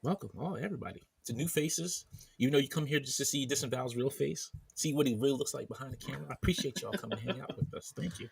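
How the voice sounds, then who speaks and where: A man's voice: medium pitch, quick pace, gravelly, breathy edge, dry recording. A man hosting a casual podcast chat, reading off viewer names in a running list. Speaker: podcast host. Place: at home in bed, wearing headphones.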